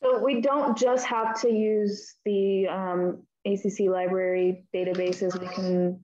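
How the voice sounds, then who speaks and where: Slow, hesitant female student. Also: mid-range voice, fairly even intonation, a little mellow, lo-fi sound. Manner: hesitant, asking questions with fillers.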